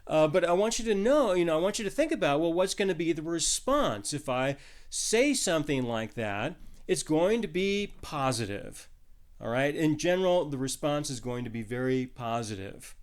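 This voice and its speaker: Guy giving a loose sermon, kinda high voice, stumbles and restarts a lot, laughs at his own jokes. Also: sing-song, normal speed. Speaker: pastor.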